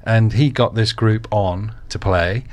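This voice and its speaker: A man with a fairly low voice hosts a radio show in an easygoing, chatty way. He tells a story before a record, loose and unhurried, with frequent ums and uhs. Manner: relaxed storytelling with fillers. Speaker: radio presenter. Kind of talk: casual radio chat introducing records.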